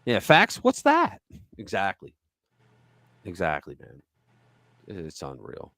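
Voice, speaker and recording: A man hosting a casual political chat show, talking bluntly and crudely with lively storytelling. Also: low-pitched, takes it slowly, dry recording, clean studio sound. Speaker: show host.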